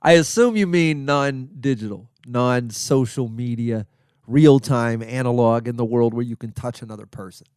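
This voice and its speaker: A man with a smooth, resonant voice at a middle pitch talks in a loose, joking way, drifting from point to point as a comedian hosting his show. The sound is dry and close, with no room echo. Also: moderate pace, a little mellow. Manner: rambling, joking, self-deprecating. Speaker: comedian and podcast host. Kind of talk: casual solo podcast monologue.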